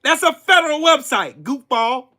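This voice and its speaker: A man's voice: extremely high pitch, expressive, normal speed, pushed and bright. A man hosting a livestream and ranting about politics, taunting and trash-talking a viewer and laughing often. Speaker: livestream host. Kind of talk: heated political rant.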